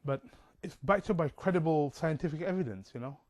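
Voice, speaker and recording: A man's voice: on the high side, brisk, a little mellow. A man talking in a rambling, casual monologue, full of fillers and digressions. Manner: chatty, digressive, many fillers.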